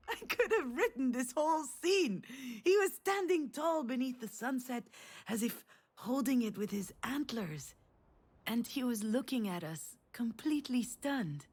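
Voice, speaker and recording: An actress voicing a loving mother who tells her daughter a tender childhood memory in a narrative game. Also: heavily acted. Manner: tender storytelling, low and intimate.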